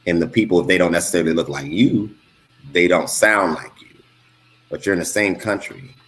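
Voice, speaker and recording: A man's voice: deep voice, brisk, a bit bright. A man from Los Angeles in a casual panel discussion, asking questions hesitantly with many fillers. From Los Angeles, USA.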